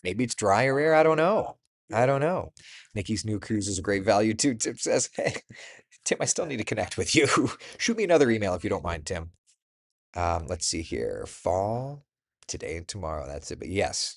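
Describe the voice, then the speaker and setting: A man hosting a casual morning chat, reading out and reacting to viewer comments by name, with laughs along the way. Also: fairly low pitch. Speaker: host.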